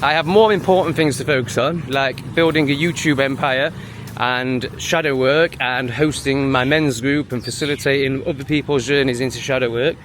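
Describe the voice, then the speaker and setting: A man's voice: mid-range voice, fairly even intonation, moderate pace, fairly bright tone, a little hiss or hum. A man talking in a walking vlog, dismissive and sneering, out on a busy street. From England. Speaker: vlogger.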